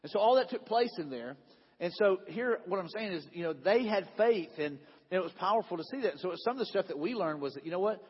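A pastor with a high-sitting, animated, breathy voice speaks at a quick pace, preaching a sermon with slides in a church sanctuary. He tells a story conversationally, repeats himself often, and quotes people in dialogue, while the sound is dull in a large echoing hall.

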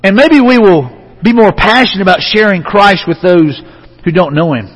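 A middle-aged man preaches in a loose, chatty way. He keeps putting questions to his listeners and often says words twice. His husky voice rings out with a long echo, as in a church sanctuary. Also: high-pitched, moderate pace. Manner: conversational, repeats words, asks the audience questions. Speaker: pastor. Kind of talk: sermon.

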